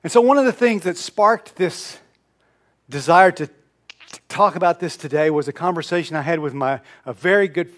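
A male pastor telling stories in a conversational sermon, moving between loud emphasis and soft, almost whispered moments. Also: on the high side, moderate pace. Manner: conversational storytelling, swings from loud emphasis to hushed near-whisper.

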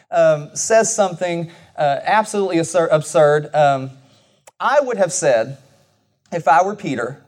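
A man preaching a conversational sermon, casual and self-deprecating, with frequent restarts and asides. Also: fairly high pitch.

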